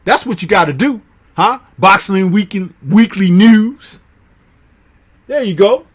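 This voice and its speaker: A Chicago man with a fairly high voice hosts a live stream chat. He talks loosely in slang and breaks into laughter often. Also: lively intonation, slow, slightly rough. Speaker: livestream host reading chat.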